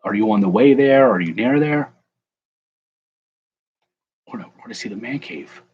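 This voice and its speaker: A man's voice: on the low side, lively intonation, moderate pace, darkish tone, husky, highs cut off. A young man casually chatting with viewers on a livestream while he opens card packs, joking and calling out people in the chat by name. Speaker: card breaker livestream host.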